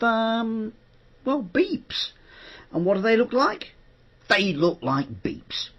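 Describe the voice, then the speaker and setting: A middle-aged man chatting on his own podcast, animated and jokey, acting out quotes as he tells stories. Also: a little high, lo-fi sound. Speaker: host. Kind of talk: chatty spoken podcast monologue.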